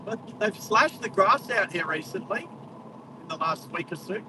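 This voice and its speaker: Road noise fills this distant in-car recording of a high-voiced Australian livestreamer giving casual commentary as he drives a country road. Lively in intonation and moderate in pace, he chats with viewers and calls out the wildlife he passes.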